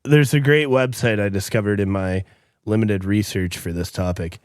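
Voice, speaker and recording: Male co-host, relaxed and jokey, dry close sound. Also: lowish voice, moderate pace, clear, resonant tone, no echo. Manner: relaxed, joking. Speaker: podcast co-host. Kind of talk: casual chat.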